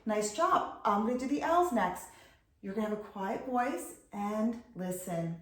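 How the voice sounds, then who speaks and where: A middle-aged woman, a reading tutor, patiently explaining and clearly sounding out syllables in an instructional video. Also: medium pitch, animated, unhurried, a bit bright. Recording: echoey room.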